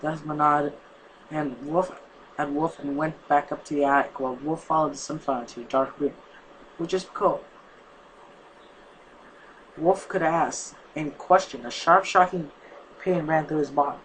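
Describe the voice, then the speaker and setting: A man's voice: on the high side, steady tone, moderate pace, pauses often, fairly bright tone, slight background noise, poor audio. A man casually reading a fanfic aloud, stumbling and correcting himself, his voice strained from a sore neck. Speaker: fanfic reader.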